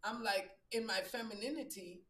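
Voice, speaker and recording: A woman hosting a casual spiritual chat, with a strong low voice, talking loud and profane. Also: moderate pace, far from the mic. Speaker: host.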